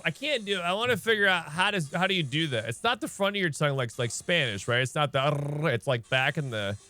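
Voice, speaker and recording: Bright, animated male game streamer. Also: a little high, brisk. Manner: chatty, thinks aloud, asks many questions. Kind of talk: casual let's-play commentary.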